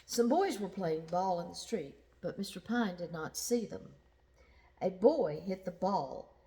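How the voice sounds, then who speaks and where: A woman reading a children's picture book aloud, slowly and expressively, with sound effects. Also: medium pitch, lively intonation. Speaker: storyteller.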